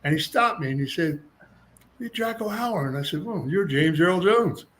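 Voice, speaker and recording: Older guy spinning old fight stories, does everyone's voices, slightly high-ish voice, bit of hiss behind. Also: normal speed. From United States. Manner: animated raconteur, acts out other people's lines in raised voices, laughs often. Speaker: interview guest, former boxer and actor. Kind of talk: storytelling in casual interview.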